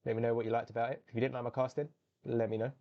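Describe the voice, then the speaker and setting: Young man, solo game caster, mid-pitched, excitable, spikes on big plays. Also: racing, muffled recording. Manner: excitable, jumps to loud high exclamations on big plays; chatty and self-correcting between plays. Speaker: esports caster. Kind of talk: solo live game commentary.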